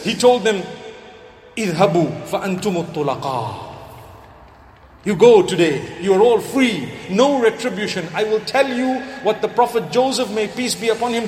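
A high-pitched man delivers a sermon, telling stories and weaving Arabic quotations and prayers into his talk. His voice rings through a large, echoey hall, with faint ambience behind him. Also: slight background noise. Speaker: preacher.

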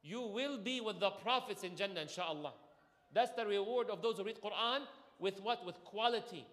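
Male preacher, high and bright, lively call-and-response sermon in an echoey hall. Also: normal speed. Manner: energetic, asks audience questions, call-and-response. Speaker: imam.

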